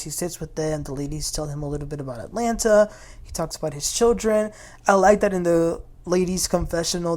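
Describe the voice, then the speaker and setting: A woman with a fairly low, darkish voice hosts a casual recap of a reality TV episode. She's chatty and opinionated, quoting the cast.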